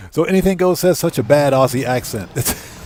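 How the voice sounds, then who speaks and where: A man's voice: on the high side, lively intonation, normal speed, a little mellow. A man casually commenting on a live stream as he plays a video game, laughing often and greeting his viewers.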